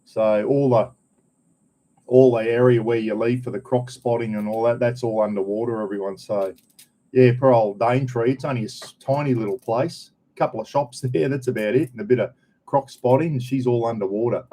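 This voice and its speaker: A relaxed Aussie man from North Queensland with a mellow, darkish voice, yarning away to his live viewers from home. His talk rambles along in broad colloquial slang, easygoing and unhurried. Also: mid-range voice. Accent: North Queensland Australian. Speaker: vlogger. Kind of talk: casual chat to live viewers. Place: home, indoors.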